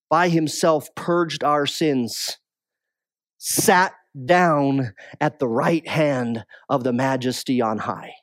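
A man preaching a sermon as pastor, moving between raised, urgent passages and quiet, low, drawn-out ones. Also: dry recording, studio quality.

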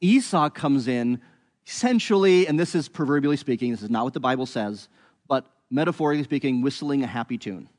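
A man teaching a bible passage, telling the story in an animated, conversational way. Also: medium pitch, brisk, big-room sound.

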